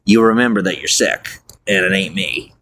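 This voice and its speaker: A furious man swears and repeats himself in a long rant, his voice bright and forceful. He talks outdoors at night near a bench, with faint ambient sound around him. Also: deep voice, normal speed, a little hiss or hum. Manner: profane, ranting, repetitive. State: angry. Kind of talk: angry monologue.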